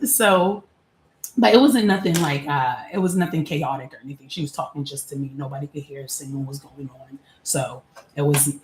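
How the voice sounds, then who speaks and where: Brief: a chatty, candid woman in her forties, lowish voice, recorded in an echoey room. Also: slight background noise. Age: 40s. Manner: candid, chatty, laughs often, casual slang. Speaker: vlogger. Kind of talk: personal reflective monologue.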